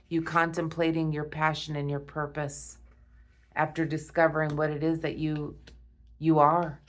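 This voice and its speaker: A woman giving a spiritual tarot reading to her viewers, awed and emotional, repeating herself and often breaking off with a soft "wow.". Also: sits low. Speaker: tarot reader.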